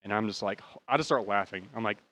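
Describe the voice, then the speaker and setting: A man's voice: lowish voice, fast talker, pushed and bright. An American man in his thirties casually telling a rambling, profane story and laughing at his own bad luck. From United States. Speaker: podcast host.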